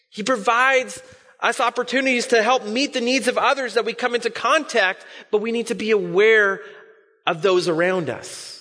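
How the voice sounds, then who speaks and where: A man's voice: high voice, a bit bright, big-room sound. A man preaching as a pastor, telling a story in a conversational way with casual asides. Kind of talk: sermon.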